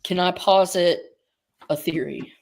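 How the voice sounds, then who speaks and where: A man chatting on a livestream in a measured, thoughtful way with a wry edge. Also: high-pitched, vocal fry. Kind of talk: casual livestream chat.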